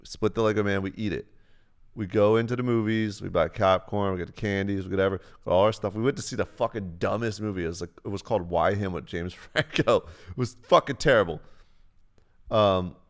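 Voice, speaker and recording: A man's voice: fairly low pitch, brisk. Profane young man telling a stream story. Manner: rambling, profane, acts out quotes in a raised voice. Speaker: live streamer. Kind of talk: casual storytelling on a live stream.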